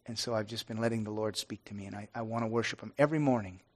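A middle-aged pastor speaking earnestly and haltingly to his congregation, with many restarts. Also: lowish voice. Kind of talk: informal devotional talk to a congregation.

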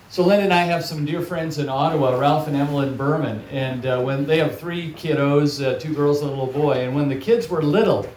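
A man preaching a sermon as a guest speaker, telling stories warmly. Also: on the high side, brisk, hardly any pauses, a little hiss or hum. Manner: warm storytelling, animated in acted quotes. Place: large hall or church, audience present. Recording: echoey hall, picked up from far off.

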